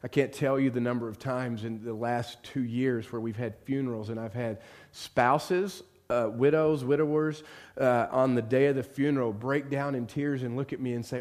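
A man giving a sermon as pastor, telling a story and swinging from hushed, quiet moments to loud, fervent passages. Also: medium pitch, fairly even intonation, moderate pace.

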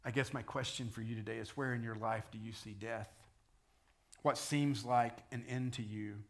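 Man, pastor, sermon, conversational preaching, mid-pitched voice. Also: steady tone, moderate pace. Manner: conversational preaching, rising to loud dramatic quotes.

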